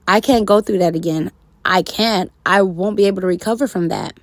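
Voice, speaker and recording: A woman's voice: medium pitch, brisk, no echo, natural voice. Woman reading an anxious pregnant young woman. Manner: anxious, pleading.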